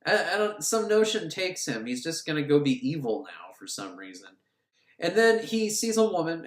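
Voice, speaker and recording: A man's voice: a little high, a bit bright. A man giving a crude, sarcastic, rambling comic recap of a movie in a roomy space. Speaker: film reviewer. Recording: roomy echo.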